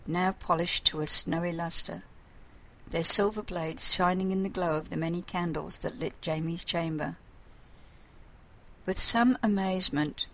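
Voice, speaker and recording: Narrator: woman, fairly low voice, calm measured storybook reading. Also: poor audio.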